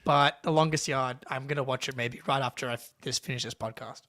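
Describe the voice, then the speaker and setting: A man co-hosting a casual sports podcast, animated and swearing casually as he chats. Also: mid-range voice, brisk. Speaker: podcast co-host.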